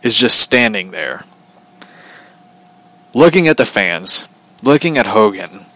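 A man's voice: on the low side, big pitch swings, slow pace, sharp tone, no room sound, low-quality recording. A man giving a casual, sarcastic rant about wrestling, laughing often as he talks. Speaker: commentator.

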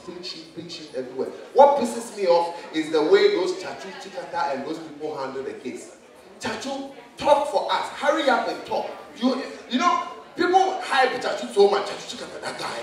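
A Ghanaian man performs stand-up in a comedy bar, his voice high and swinging widely in pitch. He is heard from a distance in a boomy, echoing room. A crowd laughs behind him. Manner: animated, loud, jumps between voices. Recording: echoey club, distant mic, crowd laughter. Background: laughing audience.

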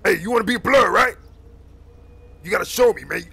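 A man's voice: high voice, expressive, brisk, creaky, pushed and bright, breathy edge, no echo, full character voice. A man voicing a bossy street gang recruiter, full of slang, constantly calling others boy and man.

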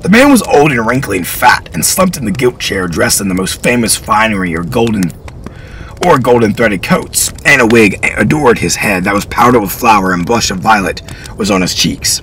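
A man reading historical fiction aloud in an expressive storytelling style. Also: on the low side, normal speed, a little hiss or hum, rough recording.

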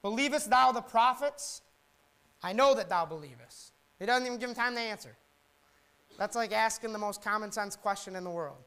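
A young man preaching a sermon in a conversational, animated way, mixing slang with scripture. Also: sits high, moderate pace, smooth.

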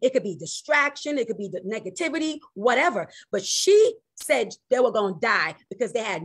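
A woman pastor preaching a sermon, animated, swinging from loud exclamations to hushed, slow emphasis. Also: a little high, breathy edge.

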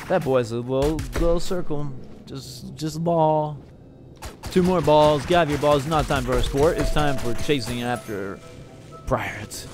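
A man narrating a game as he plays, in a goofy, rambling way, often talking straight to the characters on screen. He speaks slowly at a middle pitch. Game music plays clearly behind him. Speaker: gamer playing through a game. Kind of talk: playful game commentary with improvised character lines.

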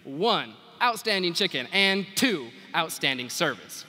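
A young man telling a story in a keynote speech, lively and animated, sometimes acting out the people in it. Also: on the high side, measured pace, very noisy. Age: young adult. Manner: animated, quotes people in acted voices. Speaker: FFA national officer giving retiring address. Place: large convention arena. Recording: long arena reverb.

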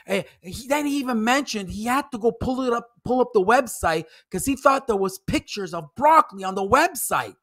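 Bright-voiced man ranting with mockery. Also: extremely high pitch, expressive, moderate pace, hardly any pauses. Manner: mocking, profane, heated ranting; repeats phrases for emphasis. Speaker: commentary YouTuber. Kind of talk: ranting commentary vlog.

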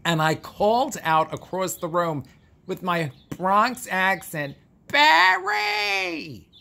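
A man's voice: sits high, takes it slowly, sharp tone. A man hosting a casual vlog, telling a story in a theatrical, gushing, camp way and drawing out words. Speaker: vlog host. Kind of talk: casual chat monologue.

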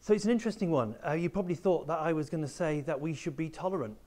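A man's voice: on the high side, quick pace, darkish tone. Male teacher giving an assembly talk. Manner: explanatory, addresses pupils directly. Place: school room with a small live audience.

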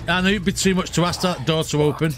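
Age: adult. Role: gaming streamer. Style: excitable playthrough commentary. Pitch: a little high. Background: faint noise. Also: male voice, fast talker. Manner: excitable, shouts and laughs at the action.

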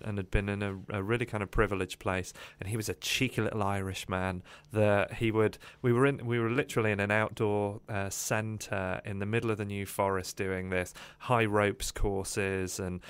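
A man with a low, smooth and clear voice tells his life story as a podcast guest. He talks in an animated, rambling way and fills his pauses with frequent "uh"s. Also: no room sound.

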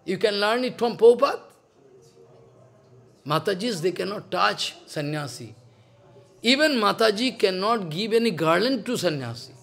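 A man's voice: sits high, expressive, normal speed, vocal fry, long pauses, a bit bright. Older man giving an emphatic devotional lecture. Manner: broken English, repetitive, emphatic. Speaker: spiritual teacher.

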